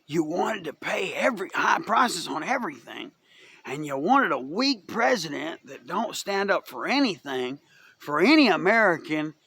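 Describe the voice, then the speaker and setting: Bright, tense-voiced man ranting to camera. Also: on the high side, big pitch swings, normal speed, slightly rough, no room sound. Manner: rambling, profane, talks in loose restarts; drifts between mocking and earnest. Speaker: vlogger. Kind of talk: casual rambling rant to camera.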